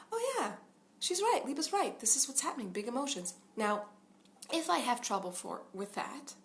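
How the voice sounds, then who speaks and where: A woman's voice: medium pitch, gravelly, a little hiss or hum. A woman in her thirties, a parenting coach, talking earnestly and casually with lots of fillers and little laughs. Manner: earnest, chatty, laughs often, many fillers. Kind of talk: casual talking-head advice.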